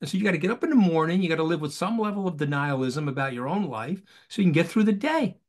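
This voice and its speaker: A man talking as a guest in an animated interview over a video call, emphatic and rhetorical, repeating phrases for effect. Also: fairly high pitch, quick pace.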